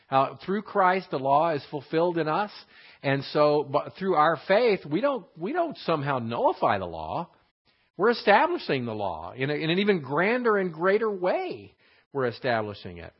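A man teaching a verse-by-verse Bible lesson, explaining and rephrasing scripture in an unhurried classroom manner. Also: a little high, breathy edge. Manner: explanatory, rephrasing verses, frequent fillers and restarts. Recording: slightly dull lo-fi recording.

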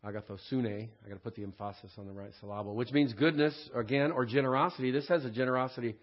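A man teaching a recorded Bible study lesson in a conversational way. He often checks in with "right?" and keeps clearing his throat. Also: mid-range voice, rapid-fire, lo-fi sound. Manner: frequent throat clearing and restarts.

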